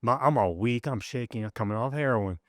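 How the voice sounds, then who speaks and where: A man's voice: mid-range voice, a little fast, dry recording, studio quality, close to an everyday voice. A man voicing a weak, shaky fellow patient in detox who speaks with a Southern drawl and a reluctant, worn-out mumble.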